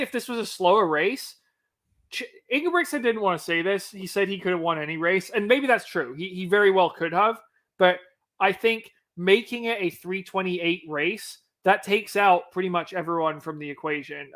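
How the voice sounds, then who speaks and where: Guy rattling off race stats on a recap show, slightly high voice. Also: moderate pace, a bit bright. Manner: detail-heavy, stats-reciting analyst. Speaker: co-host. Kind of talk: casual recap chat.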